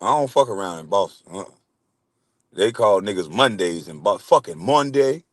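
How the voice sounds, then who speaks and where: A man's voice: on the low side, animated, moderate pace, no room sound. A man, hosting a casual livestream and bantering loosely with chat, swearing and laughing. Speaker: livestream host.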